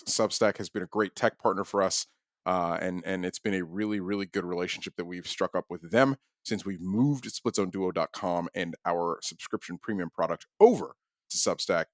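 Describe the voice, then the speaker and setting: A man co-hosting a college football podcast in a relaxed, wry manner, jumping in with quick quips. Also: low-pitched, no echo, studio quality. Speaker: podcast co-host. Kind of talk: casual sports podcast talk.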